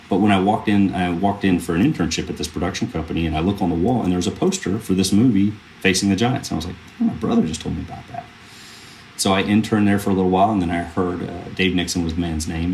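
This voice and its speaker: A man's voice: low voice, a little mellow, a little hiss or hum. A man in his thirties, a film producer, telling earnest stories in a casual interview, rambling with fillers and restarts. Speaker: film producer, podcast guest.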